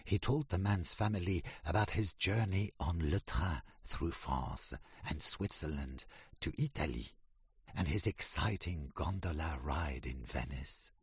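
A man with a very low, husky voice reads a children's story aloud. He goes slowly, with a lively rise and fall in his pitch. The sound is dry and close. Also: no echo. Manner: slow, expressive read-aloud. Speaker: storybook narrator. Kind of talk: children's storybook reading with glossary.

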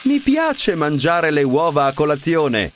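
A man voicing a big, clumsy, eager young female whale with a raised, excited voice. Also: high-pitched, unhurried, a little hiss or hum, pitched above the performer's own voice, full character voice. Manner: excited, loud.

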